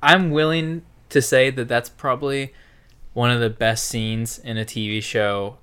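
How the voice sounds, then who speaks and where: A man's voice: medium pitch, fairly even intonation, a little slow, a bit bright, smooth. A man hosting a podcast, chatting casually and agreeably with a guest. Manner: easygoing and agreeable, with short affirmations. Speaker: podcast host. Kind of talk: casual chat.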